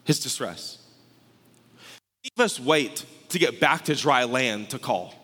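A man's voice: medium pitch, animated, measured pace, bright, forceful tone, long reverb tail. A man preaching a sermon as pastor, building intensity through repeated phrases.

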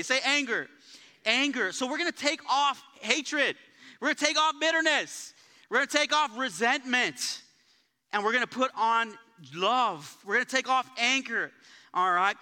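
Lively high-voiced pastor preaching. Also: male voice. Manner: energetic, conversational, tells jokes and stories. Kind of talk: sermon. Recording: live church sanctuary with long reverb.

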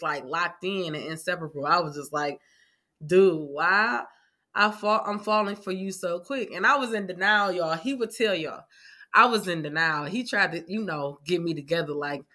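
A woman's voice: mid-range voice, pushed and bright. A young woman co-hosting a couples podcast, telling a story in a chatty way and talking straight to the listeners. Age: young adult. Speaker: podcast co-host. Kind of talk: casual storytelling chat.

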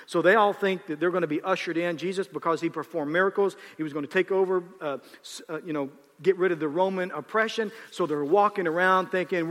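Fervent high-voiced male preacher. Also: fairly bright tone. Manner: impassioned, rising to fervent exhortation. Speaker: pastor. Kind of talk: sermon. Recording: long hall reverb.

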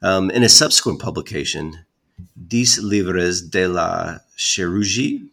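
A man's voice: deep voice, animated, measured pace, gravelly, fairly bright tone. A man hosting a casual podcast who reads out history, chuckling often and joking at his own expense. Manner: chuckles often, self-deprecating. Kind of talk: casual chat with read-aloud history.

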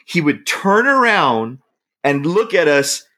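A man from the San Francisco Bay Area, a guest telling a story in casual chat, animated and laughing as he acts out what people said. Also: on the high side, slow.

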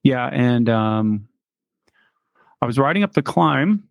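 A man's voice: mid-range voice, animated, slow pace, vocal fry, dry recording, phone-quality sound. A man from Chicago co-hosting a podcast, chatting casually and rambling with lots of fillers and laughs. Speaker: podcast co-host. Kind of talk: casual chat.

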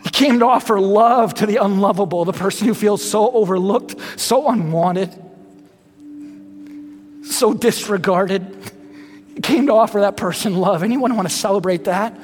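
A man's voice: high-pitched, moderate pace, faint music behind. A man in his thirties, a pastor giving a sermon in a conversational way, repeating rhetorical questions to the congregation. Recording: reverberant hall.

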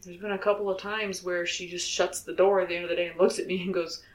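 A man's voice: high voice, level tone, fast. A young man, a soldier, talking candidly and earnestly about his life, swearing freely and laughing between thoughts. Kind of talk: candid personal vlog. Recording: roomy echo.

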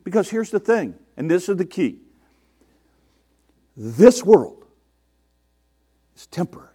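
A man's voice: high voice, sing-song, slow, dark tone, slightly rough. A man preaching a sermon to his congregation in a conversational way, asking rhetorical questions and mimicking the people he quotes. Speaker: pastor.

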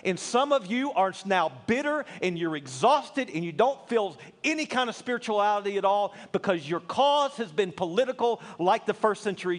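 High-voiced fervent preaching man. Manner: earnest, builds from quiet asides to fervent appeals. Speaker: pastor. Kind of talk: sermon.

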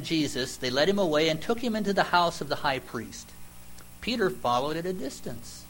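Male preacher, slightly higher voice, emphatic conversational sermon delivery, faint hum in the background. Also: fairly bright tone, rough recording. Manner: conversational, emphatic storytelling with dramatic pauses.

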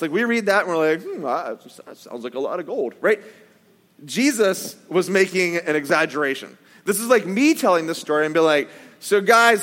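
A male pastor with a high-pitched voice gives a relaxed, joking sermon, acting out quotes as he goes. His voice rings with the long reverb of a church hall. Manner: conversational, joking asides, acts out quotes. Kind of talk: casual sermon.

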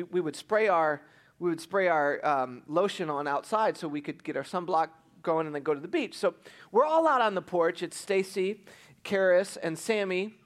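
A middle-aged man preaching, telling a personal story with animated, self-mocking humor. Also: high-pitched. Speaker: pastor.

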